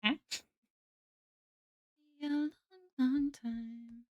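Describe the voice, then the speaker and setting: A woman's voice: high voice, steady tone, very slow, muffled recording. A young woman streaming her art, chatting casually and rambling with frequent laughs while reading chat aloud.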